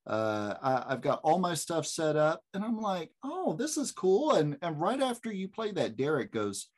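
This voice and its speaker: Animated man telling a funny story. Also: moderate pace. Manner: animated storyteller, jumps high when excited. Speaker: co-host. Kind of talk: casual podcast chat.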